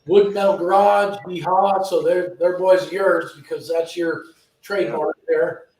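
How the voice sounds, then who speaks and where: Guy hosting a live stream in his shop, bit higher voice, roomy and off-mic. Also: steady tone, unhurried, darkish tone. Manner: easygoing, reads chat names aloud. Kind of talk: casual live-stream chat. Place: garage shop. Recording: echoey shop from far off.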